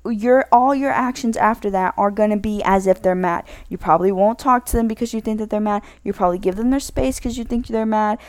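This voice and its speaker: A woman's voice: mid-range voice, fairly quick, hardly any pauses, no echo. A woman giving casual spoken advice in a rambling way, correcting herself often and filling her talk with "like". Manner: rambling, self-correcting, many "like" fillers.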